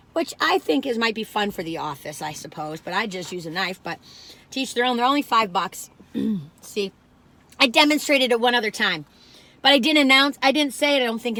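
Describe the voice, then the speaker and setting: Reviewing cookies on her food vlog, an older woman chats in a fairly high, pushed and bright voice. She's rambling and chatty, easily sidetracked into tangents.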